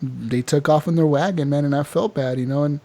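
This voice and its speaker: A man co-hosting a casual gaming podcast, telling a game's story with lots of swearing and putting on quick voices for the characters. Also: on the high side. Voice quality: animated storyteller, swears freely, acts out characters in quotes. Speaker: podcast co-host.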